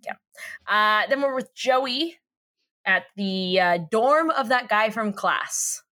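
Her voice is on the high side, expressive and slow, sounding pushed and bright. She's a podcast co-host recapping a TV episode in a casual conversation, giggly and rambling, full of fillers and laughter.

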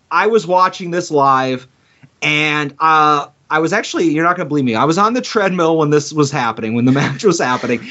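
A man co-hosting a podcast in loose, casual chat. He tells rambling stories and slips laughs in between his points. His voice sits a little high, and the audio is dull and lo-fi. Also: bright, forceful tone. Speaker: podcast co-host.

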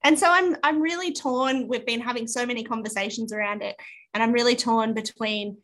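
An Australian woman in her thirties chats on a podcast in a fairly high voice. She tells stories with animation and jumps into her children's whiny voices as she goes. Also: steady tone, fairly quick, fairly bright tone. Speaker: podcast co-host. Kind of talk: casual chat.

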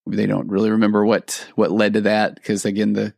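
Middle-aged male therapist-host, gravelly low voice, earnest talk with restarts, dry close sound. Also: monotone, brisk, a little mellow, no room sound. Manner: earnest, conversational, with frequent restarts. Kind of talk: reflective podcast monologue reading listener stories.

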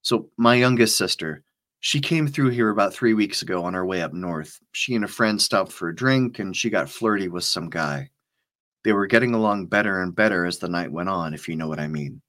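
A man's voice: low-pitched, brisk, a bit bright. A man voicing a tough young female field operative, out of breath and matter-of-fact. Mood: explaining.

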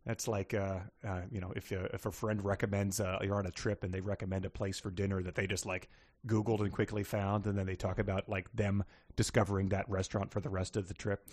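A man's voice: low-pitched, level tone, a little fast, a little mellow. A man co-hosting a casual book podcast, rambling and restarting as he sums up a book. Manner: rambling, many fillers and restarts. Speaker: podcast co-host.

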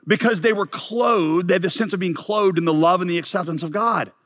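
A man preaching a sermon, swinging from loud rising questions to low, quiet emphasis, with joking asides to the congregation. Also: a little fast. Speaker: pastor.

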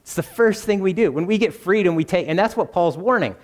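Male preacher, fairly high voice, chatty sermon style, long church-hall echo. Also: animated, fairly quick. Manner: conversational, asks the congregation questions.

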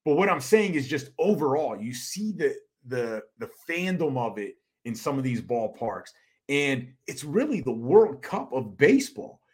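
A middle-aged man co-hosting a sports podcast in casual chat, animated and quick to laugh. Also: medium pitch. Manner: animated, laughs easily, restarts often. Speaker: podcast co-host.

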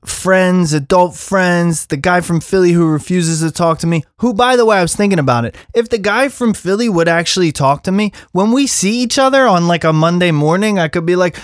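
A man's voice: high voice, a little fast, few pauses, no echo, clean studio sound. A man in his thirties hosting a solo podcast, ranting casually and swearing often. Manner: animated, profane, ranting. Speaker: podcast host.

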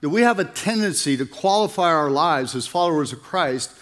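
A man's voice: fairly high pitch, lively intonation, brisk, a bit bright. An older man in his seventies, speaking as a conference speaker in an earnest, folksy way with repeated phrases. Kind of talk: sermon with prayer and jokes.

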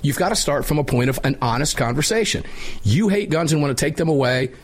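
A man hosting a talk radio show, speaking in a blunt, opinionated and animated way. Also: a little high, quick pace. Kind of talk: casual talk radio chat. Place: radio studio.

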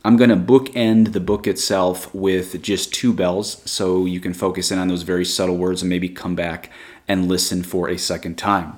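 A man reading a short story aloud in a measured, deliberate way. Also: sits low, flat delivery, a little mellow. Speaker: reader.

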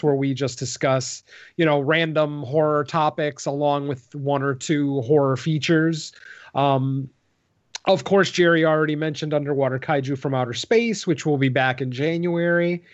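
A man with a fairly high voice, talking casually on a horror podcast. He rambles through his updates with plenty of ums and you-knows. The audio is dull and lo-fi. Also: fairly even intonation, moderate pace. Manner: rambling, filler-heavy, laughs easily. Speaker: podcast co-host.

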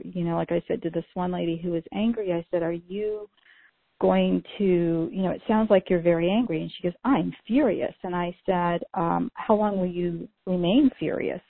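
A middle-aged woman talks casually on a podcast, telling stories with many fillers. Her voice sits a little low and sounds gravelly. The recording is dry and thin, like a phone line. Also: no echo. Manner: chatty, storytelling, many "you know" fillers. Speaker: podcast co-host.

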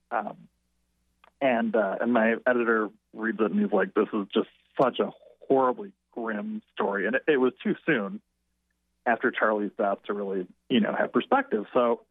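A man who is a writer and interview guest, telling an anecdote in a rambling, halting way with frequent restarts. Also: fairly low pitch, dry recording. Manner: halting, self-correcting. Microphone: telephone. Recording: tinny phone line.

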